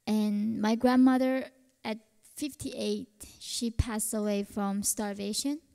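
A woman's voice: mid-range voice, steady tone, takes it slowly, creaky, dark tone. A young woman from North Korea with a Korean accent, answering audience questions at a university talk in an earnest, impassioned way. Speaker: guest speaker. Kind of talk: lecture Q&A answers. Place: university auditorium. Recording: hall reverb.

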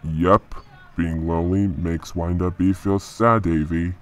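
A man voicing a helpful young male cartoon friend in a flat, stiff voice. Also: sits low, unhurried.

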